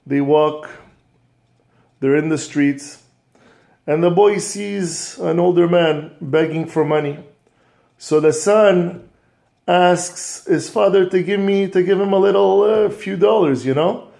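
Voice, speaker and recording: A man teaching a scripture lesson, telling a story with animated energy and frequent restarts. His voice is slightly high, with a gravelly edge and a dark, mellow tone. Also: slow. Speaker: religious teacher and coach.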